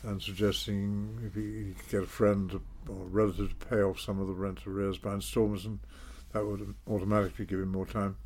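An older man, telling his story in a measured, self-deprecating way in an interview. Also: lowish voice, level tone, darkish tone. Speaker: interview guest, former politician. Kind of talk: reflective storytelling.

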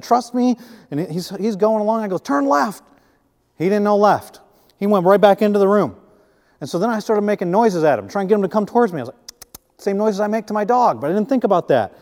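A man preaching a sermon, telling a personal story with animated swings from hushed asides to excited bursts. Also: a little high, in a large hall. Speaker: pastor.

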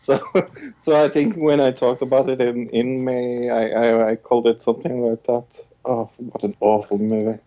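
A man's voice: mid-range voice, steady tone, normal speed, dull audio. A man co-hosting a casual movie review chat. He is blunt and laughs easily. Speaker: podcast co-host.

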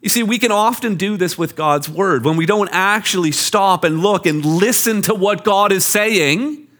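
A man preaching a sermon from Canada, animated and explaining scripture with everyday examples. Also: high voice, moderate pace. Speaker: pastor. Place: church.

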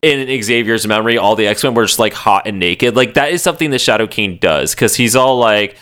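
A man with a lowish, smooth and resonant voice co-hosts a podcast. He talks in a loose, rambling way, swearing casually and filling his sentences with "like". The delivery is relaxed, everyday chat. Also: fairly quick. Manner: rambling, profane, lots of "like". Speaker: podcast co-host.

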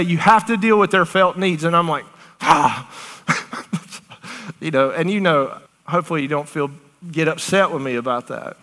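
A woman preaching a charismatic sermon, animated and excited, often laughing between phrases. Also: deep voice. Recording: long hall reverb.

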